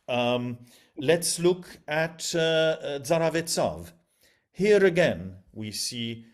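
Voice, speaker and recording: A man giving a formal academic lecture over a video call, with learned phrasing and frequent hesitant fillers. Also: medium pitch.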